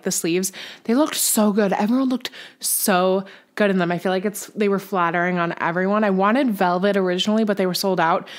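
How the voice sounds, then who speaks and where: A woman's voice: medium pitch, fairly bright tone. A young woman hosting a podcast, chatting casually and bubbly, with lots of "like". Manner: bubbly, chatty, says "like" a lot. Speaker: podcast host. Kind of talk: casual chat.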